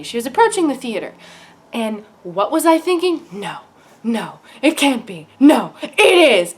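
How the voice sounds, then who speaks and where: A young woman recounts her night in a hyperactive, gushing rush. Her voice sits a little high and swoops up and down with lively animation. She talks like a thrilled fan vlogging from home. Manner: hyperactive, gushing, breathless fangirl excitement. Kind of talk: excited storytelling vlog.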